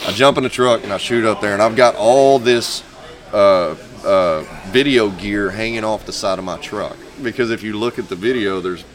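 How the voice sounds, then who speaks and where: A man, a guest singer-songwriter, telling a lively anecdote in casual chat, laughing often and acting out other people's voices. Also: on the low side, normal speed. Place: bar venue with a crowd. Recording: bar crowd noise behind. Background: bar crowd chatter.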